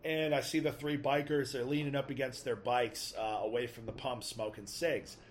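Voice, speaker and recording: A man casually telling a personal testimony story, acting out his own inner dialogue with casual slang and pausing when moved. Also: mid-range voice, steady tone, a little hiss or hum.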